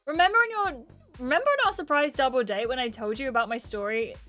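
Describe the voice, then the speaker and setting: Gentle, earnest young male islander, voiced by a woman reading game lines; soft and sincere. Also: sits high, lively intonation, fast, faint music behind. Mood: tender. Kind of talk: reading game dialogue aloud.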